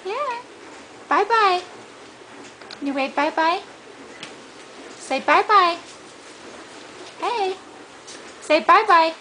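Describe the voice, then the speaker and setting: A woman's voice: very high-pitched, very slow, long pauses, pushed and bright, slight background noise, rough recording. A woman talking to a toddler at home in sing-song, coaxing baby talk, repeating simple phrases. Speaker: parent playing with a toddler.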